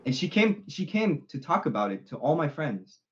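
With a fairly high, sing-song voice at a moderate pace, a young podcast guest chats casually. He wanders and repeats himself recounting his friends' words, all captured in slightly dull lo-fi audio.

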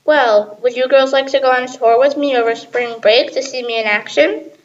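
A woman's voice: high voice, fairly even intonation, moderate pace, muffled recording, lightly acted. Woman voicing an evasive teacher who is secretly a singer. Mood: excited. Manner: nervous, cagey, then eager.

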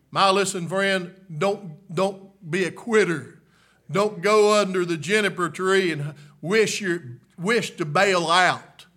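A man preaching a revival sermon, swinging from hushed murmurs to shouted peaks and coming back again and again to a "my, listen, friend" refrain. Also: high voice.

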